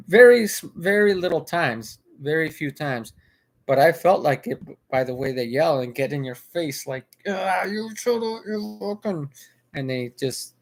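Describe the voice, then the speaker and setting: A man casually recounting a video he watched, rambling, restarting his sentences and repeating himself. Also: mid-range voice. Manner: rambling with frequent restarts and filler. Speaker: vlogger. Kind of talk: casual spoken commentary.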